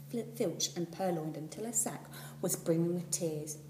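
A woman's voice: lowish voice, moderate pace. Woman reading a storybook aloud, echoey. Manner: expressive, dropping to a whisper at times. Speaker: teacher. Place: school classroom. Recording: echoey room, far from the mic, faint hum.

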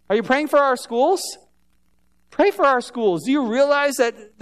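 A man preaching a sermon as pastor in a church, talking conversationally and often asking the congregation questions. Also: high-pitched. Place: church sanctuary.

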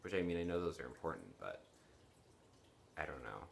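A man's voice: rumbling low, big pitch swings, brisk, gravelly, a little hiss or hum. A young man in his late teens chatting casually to camera from his bedroom, tired and yawning, rambling apologetically with lots of fillers and restarts. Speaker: vlogger. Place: bedroom at home.

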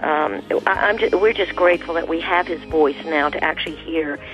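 A woman, a guest singer on a radio interview, speaking in halting phrases with frequent restarts. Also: deep voice, lo-fi sound, faint music behind. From American South.

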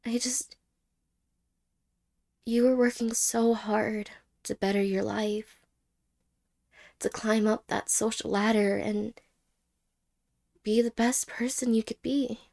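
A woman as a hesitant, wistful ex-girlfriend in a slow whispered role-play. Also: fairly high pitch, fairly even intonation, vocal fry. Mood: tender. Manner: halting, hesitant, soft-spoken with whispered words. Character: wistful, apologetic young ex-girlfriend.

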